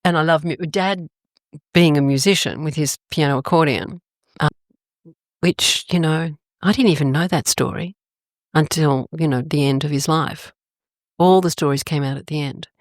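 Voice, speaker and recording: An older Australian woman telling stories in a casual interview, animated and expressive, her pitch jumping up suddenly. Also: normal speed, no echo, studio quality. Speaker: guest.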